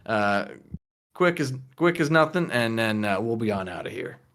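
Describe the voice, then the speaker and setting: A man doing an easygoing smooth-talking guy, low and soft, evasive, full of uhs. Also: big pitch swings, normal speed, heavily acted. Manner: soothing, evasive, hesitant. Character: laid-back, smooth-talking man dodging trouble.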